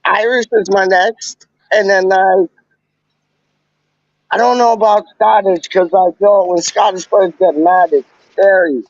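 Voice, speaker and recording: A high-voiced man talks over a video call in a loose, animated way, dropping slang constantly. The audio is dull and dry. He sounds relaxed and chatty. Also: measured pace, no echo. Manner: slangy, animated, says "dog" and "straight up". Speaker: co-host. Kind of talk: casual chat on a call. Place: Canada.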